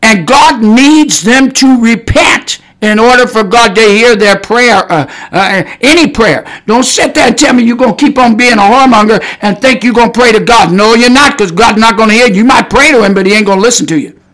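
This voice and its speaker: A man preaches hard on a podcast in a very high voice. His tone is bright and forceful, and he leans on shouted, repeated warnings. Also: brisk, hardly any pauses. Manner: fiery, preaching with shouted emphasis and repetition. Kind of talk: podcast sermon.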